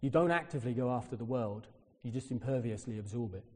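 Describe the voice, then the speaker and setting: A British man preaches in a large hall, his mid-range voice quick-paced with a breathy edge. Telling a personal story, he acts out the people in it and turns animated when quoting them.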